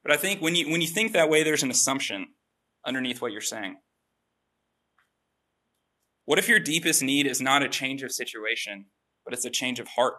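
Preacher, male, very bright and forceful tone, conversational and self-deprecating, mid-range pitch. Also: normal speed, pauses often. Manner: relaxed, chatty, self-deprecating with casual asides. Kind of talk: conversational sermon.

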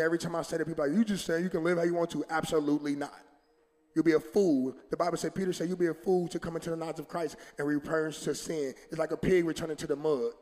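A man's voice: a little high, in a large hall. A man preaching a sermon as pastor, talking straight to his congregation in casual everyday phrasing and acting out quoted voices with rising emphasis. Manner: colloquial, addresses congregation directly. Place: church sanctuary.

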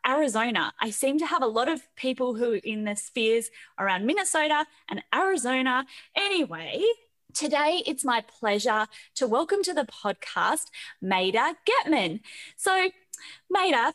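A woman's voice: sits high, very animated, normal speed, fairly bright tone. A woman hosting an interview podcast, blunt and swearing freely. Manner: blunt straight shooter who swears freely. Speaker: podcast host. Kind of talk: scripted intro then casual interview chat.

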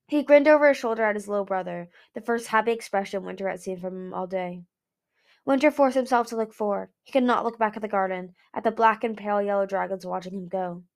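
A woman reading a novel aloud in a plain, steady way with small slips. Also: mid-range voice. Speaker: fan audiobook reader.

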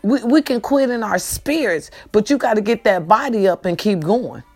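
A woman speaking, casually addressing viewers in a monologue that moves between lively, swearing storytelling and slow, subdued grieving. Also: mid-range voice, slightly rough, faint music behind. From California. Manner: animated and swearing at first, then slow and subdued while grieving. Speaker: host.

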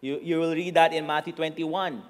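A man with a Filipino accent preaching a sermon, mixing English and Tagalog, and rising to shouts for emphasis. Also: on the high side, steady tone, normal speed, in a large hall.

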